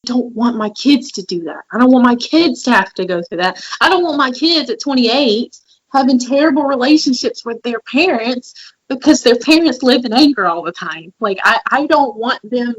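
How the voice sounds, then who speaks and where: A woman's voice: fairly high pitch, animated, normal speed, husky, lo-fi sound. A woman in her twenties co-hosting a podcast, telling candid personal stories in casual chat and acting out quoted lines. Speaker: podcast co-host.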